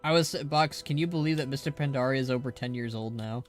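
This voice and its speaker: A man streams a game and chats casually, playful and teasing, laughing often. His medium-pitched voice is fast, with faint music behind him.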